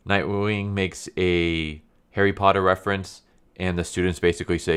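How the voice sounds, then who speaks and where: A man's voice: low voice, little pitch movement, moderate pace, a bit bright, clear, resonant tone. A man giving a blunt, profane, casual review of a comic book, getting heated as he talks.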